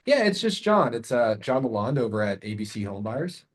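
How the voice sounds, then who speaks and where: A man acting as a calm, curious cold caller. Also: fairly high pitch, moderate pace, husky. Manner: calm, relaxed, curious phone tone. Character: friendly, curious male phone caller.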